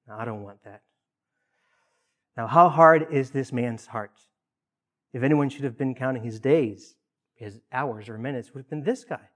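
A man's voice: fairly high pitch, fairly bright tone. Earnest male preacher giving a sermon. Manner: earnest, rises in emphasis on key points with pauses and repeated phrases.

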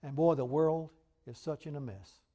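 A man preaching a sermon, earnest and emphatic, who reads scripture aloud in a measured cadence. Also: fairly high pitch, dark tone. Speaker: pastor.

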